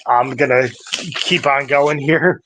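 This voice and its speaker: A man co-hosting a podcast, recapping old wrestling shows in a halting, casual way with restarts. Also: medium pitch, steady tone, background noise. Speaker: podcast co-host.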